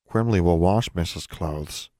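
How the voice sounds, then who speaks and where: A man voicing a timid male elf servant who whispers softly and speaks of himself in the third person. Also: deep voice, slow pace, dry recording, studio quality. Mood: hushed. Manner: soft hushed third-person speech.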